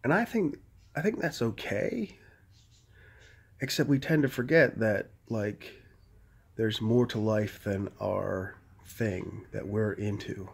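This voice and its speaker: A man's voice: fairly low pitch, slow pace, creaky, slightly rough. A man talking casually into a handheld phone camera, rambling, full of "like" and frequent swearing. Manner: rambling, heavy on "like", swears freely. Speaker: vlogger.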